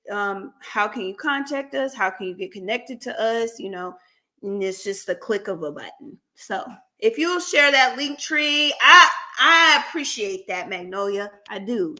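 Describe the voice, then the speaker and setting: A woman's voice: a little high, pushed and bright. A woman hosting a counseling practice's livestream, chatting casually with viewers, laughing often and calling them by name.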